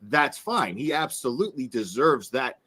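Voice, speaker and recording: A man's voice: mid-range voice, very animated, normal speed, bright, forceful tone, husky. Earnest man giving stumbling commentary. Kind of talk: opinion commentary.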